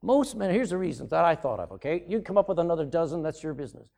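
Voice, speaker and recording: A middle-aged man preaching a sermon as pastor, swinging from loud emphasis to sudden hushed drops. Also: a little high, big pitch swings, fast, creaky.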